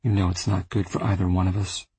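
A man's voice: low voice, flat delivery, fast talker, mellow, breathy edge, dry recording, exaggerated voice. A man voicing an exasperated adult woman in an audiobook, subdued and sarcastic. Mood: weary. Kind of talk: audiobook character voice.

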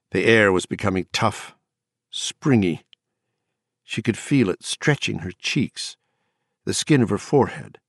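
A man narrating an audiobook in a measured, dramatic storytelling manner. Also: fairly low pitch, no room sound, studio quality. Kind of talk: scripted narration.

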